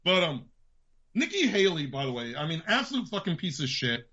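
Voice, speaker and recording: A man with a New York accent hosting a podcast, ranting about politics in a profane, fast, heated way. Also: a little high, sing-song, sharp tone. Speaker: podcast host. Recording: dull lo-fi sound.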